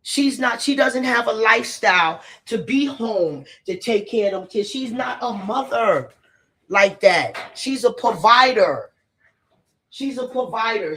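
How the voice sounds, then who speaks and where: A woman giving a casual, ranting commentary, blunt and profane, hammering her points home by repeating them. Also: a little high. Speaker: spiritual messenger and celebrity commentator. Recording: roomy echo, distant from the mic.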